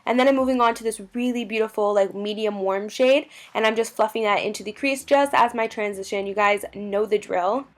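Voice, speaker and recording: A woman's voice: mid-range voice, fairly quick, few pauses. A young woman talks through her makeup routine in a bubbly, gushing voice-over. Her delivery is chatty and enthusiastic, a casual tutorial narration. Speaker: beauty vlogger.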